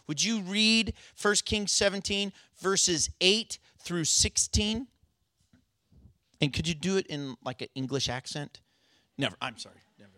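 Casual, joking pastor with dry sound. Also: male voice, high voice, pushed and bright, dry recording. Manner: casual, joking asides to the congregation. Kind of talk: sermon.

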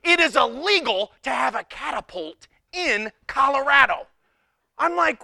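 High, bright, laughing male preacher. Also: moderate pace, vocal fry, dry recording, studio quality. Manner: animated storytelling with frequent laughter; incredulous, exclamatory. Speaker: pastor. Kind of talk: humorous sermon.

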